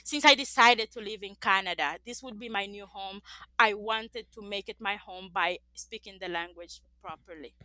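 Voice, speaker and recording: A woman's voice: medium pitch, moderate pace, pushed and bright, no room sound. A middle-aged woman from the Dominican Republic with a Spanish accent, a native Spanish speaker, speaking earnestly and reflectively as an interview guest, laughing often. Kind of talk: interview conversation.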